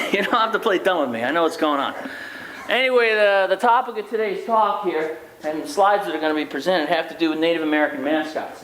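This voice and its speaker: A man's voice: a little high, fairly bright tone. A middle-aged man who is a sports sociologist, giving a joking, rambling public lecture full of asides to the crowd. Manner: wisecracking, chatty, rambling asides. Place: lecture hall. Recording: echoey hall with noise.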